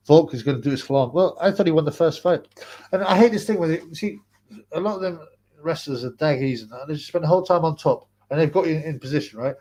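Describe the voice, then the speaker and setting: A man's voice: fairly high pitch, quick pace, warm tone. A man chatting on his livestream, rambling and repeating words, answering viewers' comments with frequent laughs. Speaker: livestream host. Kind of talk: casual livestream chat reading comments.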